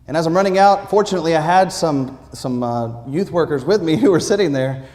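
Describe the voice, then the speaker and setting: A man preaching, telling a lively personal story with acted-out quotes in a church. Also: a little high, fairly quick. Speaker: pastor. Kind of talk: sermon storytelling. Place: church sanctuary. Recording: long reverb of a church sanctuary.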